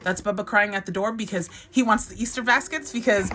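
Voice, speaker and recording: A woman's voice: medium pitch, fast, noisy background. A woman in her thirties, a mother vlogging in a casual, rambling way with many fillers and frequent laughs. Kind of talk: casual chat to camera.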